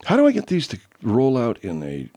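A man's voice: medium pitch, wildly swooping pitch, a little fast, mellow. A man hosting a show, chatting casually and loosely while he plays listener clips, swearing freely. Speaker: show host playing listener submissions. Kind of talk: casual chat.

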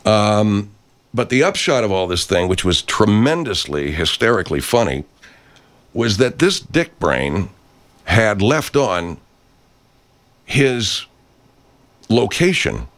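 Male host, low voice, lively pitch, profane rambling rant. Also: slow pace, pauses often. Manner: brash, foul-mouthed, rambling.

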